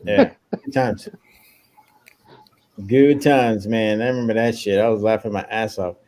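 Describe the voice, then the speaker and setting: An American man in casual podcast chat, telling profane, animated war stories and jokes. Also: on the low side, unhurried. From United States. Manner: profane, animated storytelling with loud impressions. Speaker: podcast co-host, military veteran.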